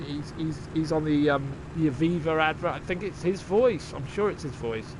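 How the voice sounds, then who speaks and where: A man's voice: a little high, moderate pace, background noise. A man chatting casually and sarcastically while streaming a game, swearing freely. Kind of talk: casual live-stream chat.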